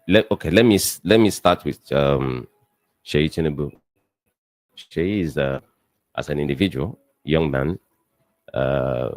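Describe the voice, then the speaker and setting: A man's voice: very deep voice, no room sound. A man speaking as a panelist on a political talk show, emphatic and repeating his points for effect.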